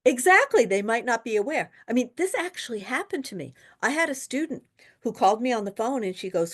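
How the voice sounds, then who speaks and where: A woman tutoring for a real estate exam in a webinar, talking casually and telling lively stories with quoted dialogue. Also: fairly high pitch, fairly quick. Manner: chatty, animated storytelling with quoted dialogue. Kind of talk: webinar lesson with anecdotes.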